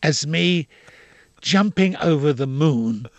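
An older man, an actor, telling indignant, expressive anecdotes in an interview. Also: on the high side, takes it slowly, no room sound, muffled recording. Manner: expressive, indignant storyteller with quoted voices.

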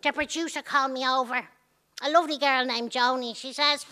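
A high, bright Irish woman delivers a comic rhyming monologue. She tells it in a lively, punchy way, landing each rhyme. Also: fairly quick. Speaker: comedian.

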